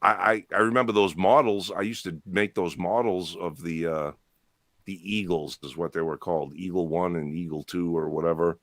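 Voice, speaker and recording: A man's voice: low voice, steady tone, normal speed, fairly bright tone, no room sound. A middle-aged man hosting a casual chat, rambling and laughing, often restarting his sentences. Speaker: podcast host. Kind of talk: casual bar-style chat.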